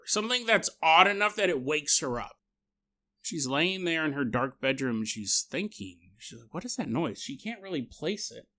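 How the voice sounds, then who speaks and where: A man hosting a podcast, telling a story in a casual, animated, jokey way and acting out the sound effects and the quotes himself. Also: sits high. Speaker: podcast host.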